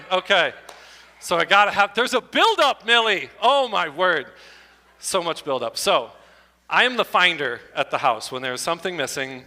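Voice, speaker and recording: A middle-aged man doing stand-up comedy with slides at a church show, animated and breaking into loud exclamations. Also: fairly high pitch, normal speed. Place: church hall before an audience. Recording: long hall reverb.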